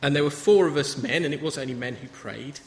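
A man's voice: fairly high pitch, fairly quick, a little hiss or hum. Man preaching in an echoey hall. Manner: conversational, anecdotal preaching. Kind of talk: sermon. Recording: reverberant hall with faint ambience.

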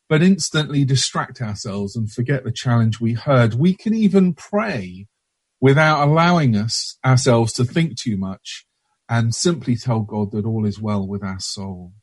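Man, preacher, sermon, husky voice, dry close sound, stops and restarts often. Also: medium pitch, no room sound. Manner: hesitant, with frequent restarts and fillers. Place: church.

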